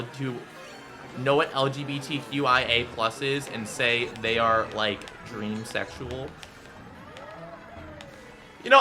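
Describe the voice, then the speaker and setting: A man in his twenties, a streamer telling stories in a rambling, casual way full of fillers while he plays a game. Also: mid-range voice. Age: 20s. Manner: rambling, filler-heavy, animated. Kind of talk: casual storytelling while gaming.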